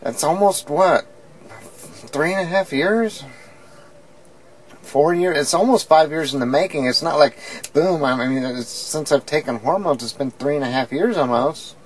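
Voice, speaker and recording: A woman's voice: sits low, unhurried, slight background noise. A woman chatting candidly in a casual, rambling video diary from her bedroom. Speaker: video diarist. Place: home bedroom, indoors.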